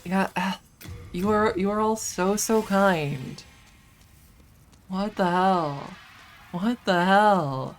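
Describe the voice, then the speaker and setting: Slow, flustered woman streamer. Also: medium pitch, faint music behind. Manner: halting and flustered, often restarting and laughing. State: emotionally overwhelmed. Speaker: game streamer. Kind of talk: casual live-stream chat. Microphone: streaming microphone.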